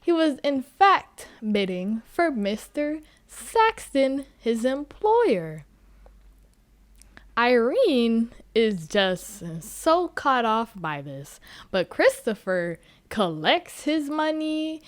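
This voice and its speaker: A woman podcast host with a slightly high voice and an unhurried delivery. She recaps a book in an animated, joking tone and swears freely. Her casual asides come out slowly. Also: dry recording.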